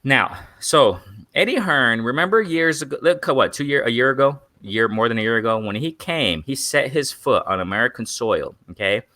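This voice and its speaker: A man's voice: medium pitch, animated, moderate pace, sharp tone, no echo, studio quality. A young man hosting a live boxing stream, rambling and repeating himself as he keeps calling out to his viewers as "guys.". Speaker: boxing channel host. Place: in Mexico.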